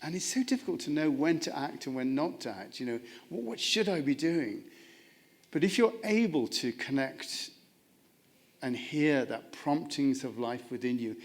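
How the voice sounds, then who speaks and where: A man at mid pitch leads a chapel discussion. He speaks earnestly and reflectively, circling back with frequent restarts and "you know." His voice sounds ordinary and steady. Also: normal speed. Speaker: presenter leading a chapel discussion. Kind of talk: reflective spiritual talk with congregation.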